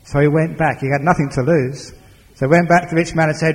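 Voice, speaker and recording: A man telling a folk tale aloud in a lively, expressive, conversational way. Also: a little high, fast. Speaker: storyteller. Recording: long hall reverb.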